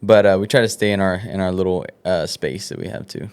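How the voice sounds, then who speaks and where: Young man, low voice, smooth tone, laid-back band member. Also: steady tone, quick pace, darkish tone. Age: young adult. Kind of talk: casual interview chat.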